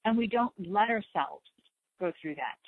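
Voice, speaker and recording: A woman host talks in a gentle, reassuring way, circling back over the same words. Her voice comes through thin and tinny, like a phone line. The sound is dry, with no room around it. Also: mid-range voice, expressive, unhurried, no echo. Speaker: spiritual talk show host. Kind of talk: slow soothing talk on meditation and letting go.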